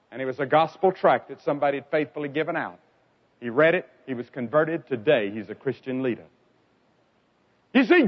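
A man preaching an evangelistic sermon, telling stories dramatically and swinging from loud cries to quiet lines. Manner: dramatic storytelling with sharp swings in pitch and loudness. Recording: dull lo-fi recording.

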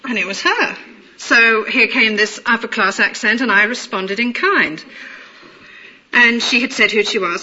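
A woman with a middle-class London accent tells a personal anecdote in a measured, amused way. Her voice is fairly high and bright. The recording is dull and lo-fi. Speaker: storyteller. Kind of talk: personal anecdote told aloud.

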